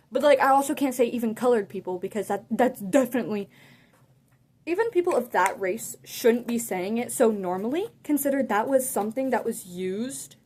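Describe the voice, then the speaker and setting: A woman telling a story in a casual, animated way, saying "like" a lot and often laughing mid-sentence. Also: on the high side, slight background noise. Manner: chatty and animated, heavy use of "like". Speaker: vlogger.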